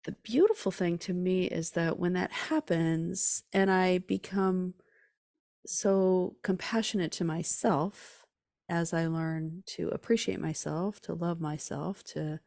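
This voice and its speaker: A woman with a very low, mellow voice, speaking in an earnest, reflective way as a podcast guest. The sound is dry and close, with no room around it. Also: slow pace, gravelly, no echo. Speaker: author and musician guest. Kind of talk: reflective interview talk.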